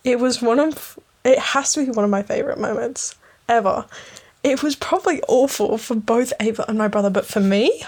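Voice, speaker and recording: A woman rambling casually in a late-night podcast episode, giggling often and swearing freely, sometimes dropping to a hushed voice. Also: a little high, normal speed. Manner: drops to a hushed voice at times. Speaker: podcast host.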